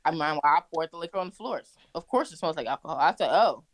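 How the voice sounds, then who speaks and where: Animated, swearing young woman storyteller. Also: low-pitched, quick pace. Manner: animated, profane, laughs while telling stories. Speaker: guest. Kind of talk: casual storytelling.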